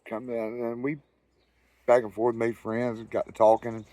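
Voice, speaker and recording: A man's voice: medium pitch, level tone, moderate pace, warm tone, no room sound. A man with a Southern US accent telling a rambling, profane anecdote in casual storytelling style. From Southern United States. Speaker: storyteller host.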